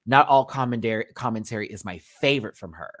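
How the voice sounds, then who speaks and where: A man's voice: mid-range voice, fast talker. A man hosting a live review stream, talking casually and sassily, swearing a lot, slipping into campy impressions and reading out viewer chat. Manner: sassy, animated, swears often, slips into campy impressions; reads out and answers viewer chat.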